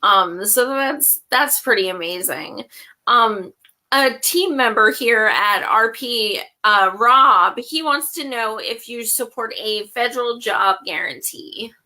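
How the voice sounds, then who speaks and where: A woman hosts an interview in a bright, fairly high voice. She talks in an encouraging way and leans on lots of fillers. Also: slow. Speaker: interview host.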